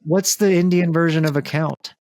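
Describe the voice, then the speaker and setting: A man's voice: a little high, steady tone, normal speed, a little mellow. A young man hosting a comedic podcast, chatting casually with loose jokes, fillers and the odd curse. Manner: joking, loose, frequent fillers and profanity. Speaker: podcast host.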